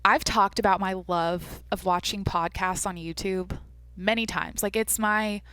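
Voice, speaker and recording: A woman's voice: mid-range voice, steady tone, a little slow, sharp tone, clear, resonant tone. A woman hosts her own podcast solo, with a mid-height voice. She rambles through casual chat, cuts herself off to restart, and drops swear words freely. The sound is close and dry, with no room echo. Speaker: podcast host.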